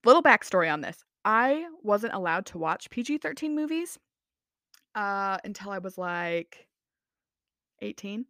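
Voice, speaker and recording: A woman's voice: medium pitch, big pitch swings, a little slow, a bit bright, no echo. Woman in her 20s, solo podcast host, casual and self-mocking, dry recording. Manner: chatty, rambling, self-mocking with many "like"s and "anyway"s.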